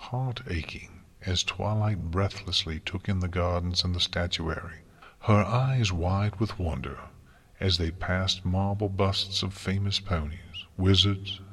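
A man narrating a fantasy story in a calm, steady audiobook reading. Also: low-pitched, breathy edge. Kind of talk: audiobook reading of fan fiction.

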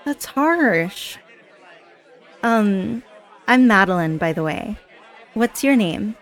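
A woman's voice: medium pitch, expressive, slow, a faint crowd. A woman playing a chatty, giggly party girl. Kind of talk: scripted audio role-play.

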